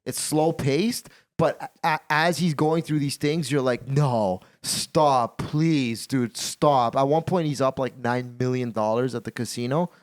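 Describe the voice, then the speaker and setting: A man hosting a casual podcast chat, talking in an animated, repetitive way and swearing freely. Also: medium pitch, moderate pace, hardly any pauses. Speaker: podcast host.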